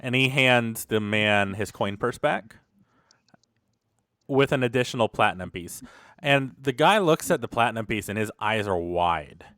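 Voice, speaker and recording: A man's voice: lowish voice, expressive, a little slow, a bit bright, no echo, clean studio sound. A man running a tabletop game as game master, narrating in a loose, conversational way with many fillers.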